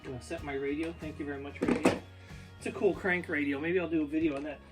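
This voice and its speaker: A man talks off the cuff to his viewers, rambling from one thought to the next in a slightly high voice. He records in his home basement on an ear pod, with music clearly playing under his talk. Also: fairly even intonation, fast. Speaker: YouTube food reviewer. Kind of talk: casual unscripted vlog talk.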